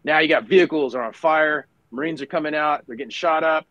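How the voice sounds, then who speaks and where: A man's voice: fairly high pitch, a little fast, hardly any pauses, bright, forceful tone, dry recording, dull audio. Middle-aged man telling a war story. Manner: conversational, many fillers and restarts. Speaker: guest, retired Marine officer. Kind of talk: casual war story told in conversation.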